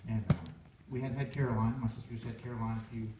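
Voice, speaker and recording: A man's voice: mid-range voice, level tone, fast talker, noisy background. A young man, a worship leader, telling a heartfelt personal story in a rambling way with many restarts. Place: church sanctuary. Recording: echoey church room from far off.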